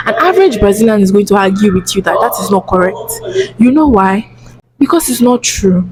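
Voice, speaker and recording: A young Nigerian woman vlogger with a Nigerian accent, explaining in a hushed, lowered voice with chatty restarts and asides. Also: animated, a little fast, low-quality recording. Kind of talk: casual explainer vlog.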